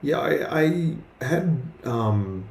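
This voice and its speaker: A streaming artist chats casually on a live art stream while he draws, hesitant and full of fillers and restarts. His voice sits on the high side with a darkish tone and vocal fry, animated yet very slow. The room sounds roomy, with faint background noise.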